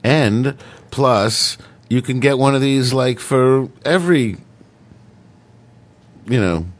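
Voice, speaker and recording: A man's voice: medium pitch, animated, slow. A man hosting a comedy radio show, bantering casually and goofily, now and then slipping into mock accents. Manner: goofy, jokey, slips into mock accents.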